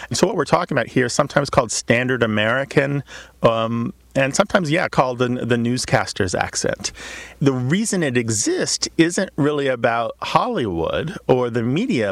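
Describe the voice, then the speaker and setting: Gravelly-voiced man explaining language. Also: mid-range voice, sing-song, normal speed, dry recording. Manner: enthusiastic, explanatory. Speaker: radio show host.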